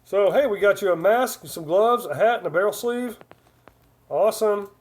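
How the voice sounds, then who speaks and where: Reading viewer comments aloud and rambling through casual chat, this male livestream host in his 40s speaks in a high-pitched voice at a moderate pace.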